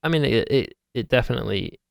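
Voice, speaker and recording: A man's voice: medium pitch, lively intonation, quick pace, creaky, no echo, studio quality. A man co-hosting a podcast in casual chat, laughing often and rambling with fillers. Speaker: podcast co-host.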